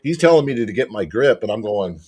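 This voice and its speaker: A man telling a match story as a podcast guest, excitable and swearing constantly. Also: lowish voice, quick pace, slightly rough. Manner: excitable, profanity-heavy retelling. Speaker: podcast guest, arm wrestler. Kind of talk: casual storytelling chat.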